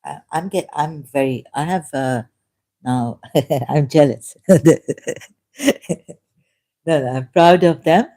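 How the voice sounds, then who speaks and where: Woman on a livestream, low mellow voice, halting, keeps correcting herself. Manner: halting, self-correcting, with frequent laughs. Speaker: livestream host. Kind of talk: unscripted livestream commentary.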